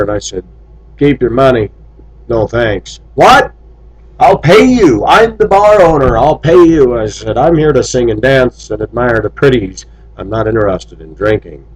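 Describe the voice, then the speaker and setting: A man's voice: mid-range voice, darkish tone, rough recording. Blunt, opinionated man. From United States. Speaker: vlogger. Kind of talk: opinion monologue to viewers.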